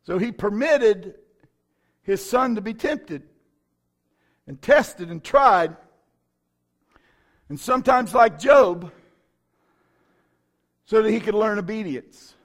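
A man's voice: high-pitched, lively intonation, takes it slowly, long pauses. A middle-aged man, a pastor, preaching a sermon with folksy stories and bursts of fervor.

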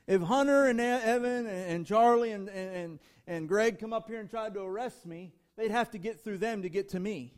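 Preaching to a church congregation as a guest, a man speaks at normal speed with few pauses in a high voice. He delivers his sermon emphatically, using rhythmic lists of short phrases and speaking directly to his audience.

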